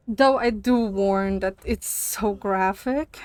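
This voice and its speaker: A woman's voice: fairly high pitch, moderate pace, hardly any pauses, clear, resonant tone, no room sound. A young woman streamer chatting casually while gaming, ranting and laughing with frequent swearing.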